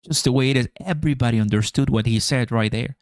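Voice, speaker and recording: A man's voice: medium pitch, fast talker, dry recording, clean studio sound. A man hosting a crypto livestream, chatting casually to viewers in a slangy way and laughing often.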